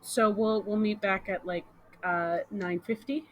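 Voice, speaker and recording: A woman's voice: medium pitch, fairly even intonation, unhurried, slight background noise. A woman playing a tabletop game, teasing and joking with the others. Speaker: player. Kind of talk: casual tabletop role-play.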